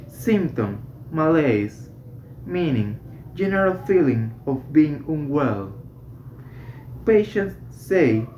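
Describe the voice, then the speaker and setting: A student slowly reading a medical English textbook aloud, correcting small slips along the way. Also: mid-range voice, very animated, a little hiss or hum. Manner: slow, careful reading with self-corrections. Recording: roomy, slightly dull home recording.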